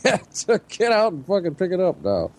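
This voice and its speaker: A man with a Midwestern American accent, retelling a family story in a profane, lively way. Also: sits high, moderate pace. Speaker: podcast co-host telling stories. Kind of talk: casual storytelling among friends.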